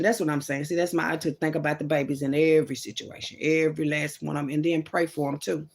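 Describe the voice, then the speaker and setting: A woman's voice: low voice, little pitch movement, fast, creaky, hardly any pauses, breathy edge. A woman in a rambling, casual monologue to her viewers. She calls them "y'all", "baby" and "boo", and often drops in "mm-mm" and "mm-hmm" asides.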